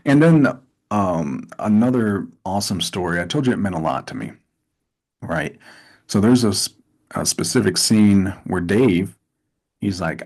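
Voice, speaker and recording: A man in a casual interview, telling animated stories with lots of restarts and asides. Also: low voice, unhurried, slightly rough. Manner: animated storytelling with repeated restarts. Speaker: actor, interview guest.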